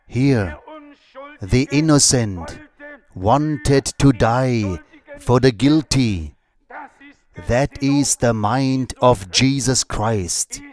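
Very slow, deliberate male preacher. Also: medium pitch, darkish tone. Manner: slow, measured preaching with long pauses. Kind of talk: sermon.

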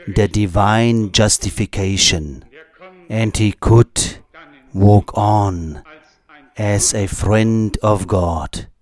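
A male preacher delivering a sermon at a very slow, measured pace. His voice sits a little low, and he leans on repetition and long pauses to stress each point. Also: darkish tone.

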